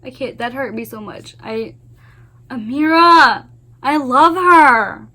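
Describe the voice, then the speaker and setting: High-voiced gushing woman book vlogger. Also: animated, slow, pushed and bright. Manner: gushing and emphatic, with frequent swearing and repeated exclamations. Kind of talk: spoiler book review vlog.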